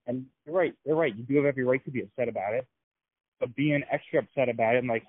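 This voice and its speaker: A man's voice: medium pitch, fast talker, breathy edge, no echo. A man co-hosting a podcast, talking earnestly and motivationally, asking follow-up questions. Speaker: podcast co-host. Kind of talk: casual conversational coaching. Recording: tinny phone-like sound, dry.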